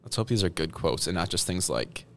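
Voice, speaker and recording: Playful guest with a low, lively voice. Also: male voice, a little fast, a little hiss or hum. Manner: playful, self-deprecating joker. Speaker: podcast guest. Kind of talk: casual podcast chat.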